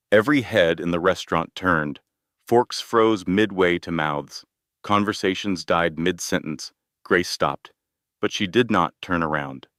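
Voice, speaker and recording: Male narrator, very deep voice, measured dramatic storytelling, dry close recording. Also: a bit bright, no room sound.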